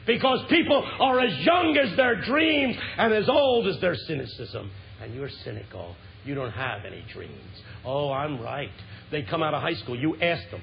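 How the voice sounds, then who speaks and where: Man in his fifties, high-pitched, animated preacher; muffled lo-fi tape with hiss. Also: moderate pace, creaky, hardly any pauses. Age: 50s. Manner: animated, swings from shouts to hushed lows. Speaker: Christian speaker. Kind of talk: humorous, impassioned sermon.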